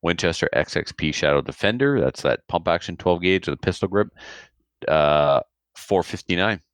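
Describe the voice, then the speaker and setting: Very deep-voiced man reading gun prices. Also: dry recording. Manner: relaxed, rattles off prices and specs. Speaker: podcast co-host. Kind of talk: casual chat, reading out gun deals.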